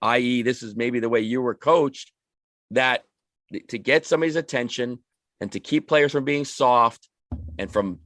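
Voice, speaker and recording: A man's voice: mid-range voice, normal speed, fairly bright tone, no echo. Rambling man with a dry sound. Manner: rambling, many restarts and repeated words. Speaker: podcast panelist, youth coach. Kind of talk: casual chat.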